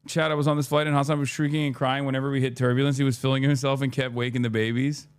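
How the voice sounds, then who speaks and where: Male streamer, thirties, mid-pitched, rambling profane storytime chat with acted-out quotes. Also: racing, clear, resonant tone. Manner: rambling, profane, animated retelling with quoted dialogue.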